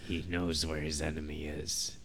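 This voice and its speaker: A man putting on a dramatic movie-trailer narrator voice, slow and suspenseful. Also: rumbling low, flat delivery, noisy background.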